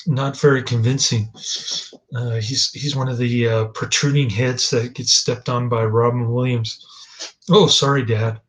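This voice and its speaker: Guy rambling slowly thru a movie review, lots of uhs, kinda dry and dismissive. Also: medium pitch, little pitch movement, low-quality recording. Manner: rambling, hesitant, many fillers and restarts. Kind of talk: casual spoken movie review.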